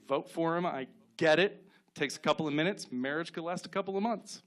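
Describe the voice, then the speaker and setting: A man in his thirties doing stand-up on a club stage, telling deadpan stories and acting out short quotes. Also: fairly high pitch. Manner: deadpan storytelling with quick acted-out quotes. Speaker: stand-up comedian. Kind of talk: stand-up set.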